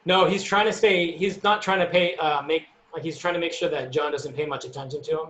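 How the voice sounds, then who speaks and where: A man narrating as game master of a tabletop game, slow and halting with many fillers. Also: on the high side, fairly even intonation, fairly bright tone, a little hiss or hum. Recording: echoey, dull lo-fi room recording.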